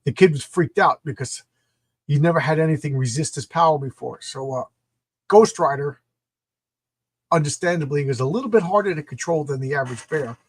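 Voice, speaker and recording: A man's voice: on the high side, a little fast, husky, dry recording. A middle-aged man reviewing comic books in a casual, enthusiastic, rambling way. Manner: enthusiastic, rambling, repeats words.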